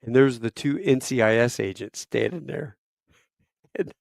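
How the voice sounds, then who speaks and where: A man in his fifties, a podcast guest telling a casual story, profane, with loud bursts and quiet asides. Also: medium pitch, a little slow, vocal fry, no echo, studio quality.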